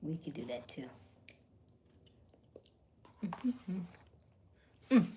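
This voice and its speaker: Slow-talking woman hosting a livestream. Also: deep voice, very animated, warm tone, husky. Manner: chatty, greets viewers by name; talks while eating dinner. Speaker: livestream host. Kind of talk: casual livestream chat.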